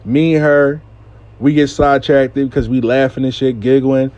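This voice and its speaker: A man's voice: medium pitch, moderate pace, dry recording, muffled recording. A man hosting a casual storytime, telling it animatedly with frequent swearing and catchphrases. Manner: animated, profane, repeats "I lie to you not". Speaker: host and storyteller.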